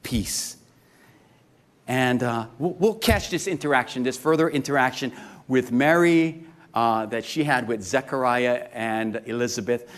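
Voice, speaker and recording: A man preaching a sermon to a congregation, lively and joking, often asking the crowd questions. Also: medium pitch, moderate pace. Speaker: pastor.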